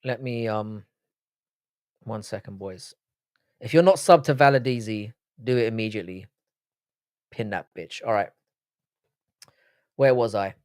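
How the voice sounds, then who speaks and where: A man's voice: lowish voice, a little slow, long pauses, no echo. A man hosts a live stream, chatting casually and reading out viewer comments. His talk is loose and sweary, full of teasing banter. The recording is dry and close, with no room sound. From Britain. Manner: joking, sweary banter with chat.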